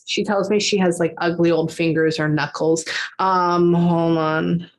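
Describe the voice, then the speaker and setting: A woman giving a psychic reading in casual chat, talking quickly and pausing often to say "hold on" as she relays what she hears. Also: lowish voice. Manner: chatty, animated, acts out quotes, frequent "hold on" pauses. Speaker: psychic medium.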